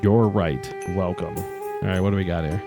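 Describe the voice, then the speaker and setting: A man's voice: low voice, normal speed, creaky, music in the background. A young man streaming a video game and commenting casually, chatty and jokey, peppering his talk with "like".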